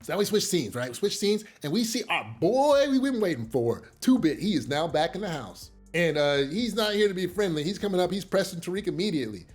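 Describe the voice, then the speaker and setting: Man recapping a show, high voice, excitable, faint music underneath. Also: a little fast, hardly any pauses, husky. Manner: animated, profane, excitable. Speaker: TV recap host. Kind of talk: casual episode recap.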